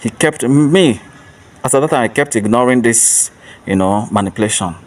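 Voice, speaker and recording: A man's voice: mid-range voice, moderate pace. A man giving an earnest motivational monologue as a self-help speaker, repeating rhetorical questions. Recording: distant mic with faint traffic noise.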